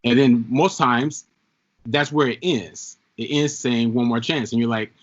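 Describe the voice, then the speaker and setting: A man co-hosting a casual podcast chat, explaining things in an earnest, steady way. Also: mid-range voice, a little slow. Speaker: podcast co-host. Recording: dull lo-fi sound.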